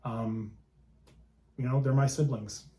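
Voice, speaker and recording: A man's voice: medium pitch, fairly even intonation, slow pace, mellow, roomy sound. A man who is a guest on a podcast, reminiscing in a rambling, fond way. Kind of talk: casual chat.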